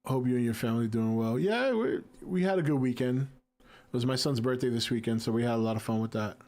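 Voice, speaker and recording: A laid-back man in his forties chats casually on a livestream. He reads viewer comments aloud and answers them with easy jokes, at a middle pitch. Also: fairly quick, warm tone. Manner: laid-back, jokey, reacts to chat. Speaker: livestream host reading chat. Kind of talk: casual chat.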